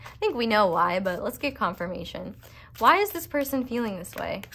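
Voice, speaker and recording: A woman's voice: medium pitch, big pitch swings, moderate pace, pushed and bright. A woman giving a casual pick-a-card tarot reading, chatty and rambling with playful, self-mocking asides. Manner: chatty and rambling, full of "like" fillers. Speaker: tarot reader.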